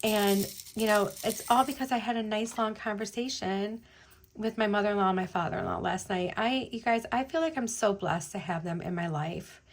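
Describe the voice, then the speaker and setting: Chatting away as she beads, a middle-aged host speaks at a normal pace in a mid-range voice. Her talk wanders and is packed with fillers, and she's clearly teary and choked up.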